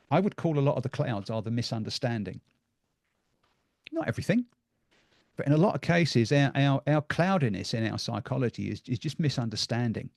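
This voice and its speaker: A man's voice: medium pitch, gravelly, a little mellow, no room sound, clean studio sound. A middle-aged man giving a live talk to an audience, conversational and full of ums and repeated words.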